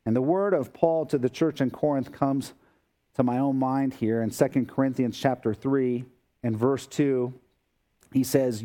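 A man's voice: mid-range voice, fairly even intonation, unhurried, dark tone. A man preaching a sermon as a pastor, explaining scripture in a conversational way with everyday asides.

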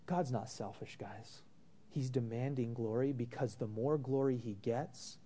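A man's voice: mid-range voice, dark tone. A man preaching a sermon, reading scripture aloud and pressing the congregation with rhetorical questions and casual asides. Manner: calls listeners brothers and sisters, casual asides.

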